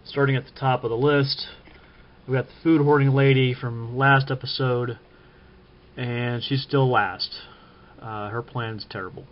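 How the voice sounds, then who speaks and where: A man from Kansas giving casual spoken commentary, halting with frequent ums and self-corrections. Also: mid-range voice, highs cut off. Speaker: vlogger ranking TV preppers.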